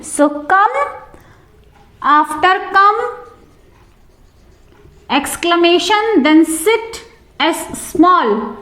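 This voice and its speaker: A woman's voice: very high-pitched, extremely slow, pauses often, roomy sound. A woman teacher, explaining a textbook lesson to students step by step and often addressing them directly.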